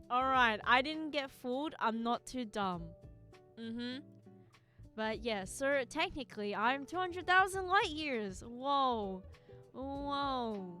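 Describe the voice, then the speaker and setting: A young-sounding woman with a bright, clear, fairly high voice chats loosely with her stream audience. She rambles from thought to thought, full of "like" and "you know", breaking into giggles. Faint music plays softly behind her. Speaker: live streamer. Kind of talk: casual chat with viewers.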